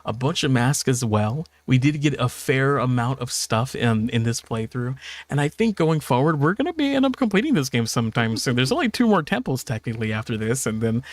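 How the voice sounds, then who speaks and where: A man casually chatting while livestreaming a video game at home, swearing and telling stories with lively put-on quotes. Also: mid-range voice. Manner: profane, animated storytelling with laughs and put-on quotes. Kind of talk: casual gameplay chat. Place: home apartment at night. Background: faint game music.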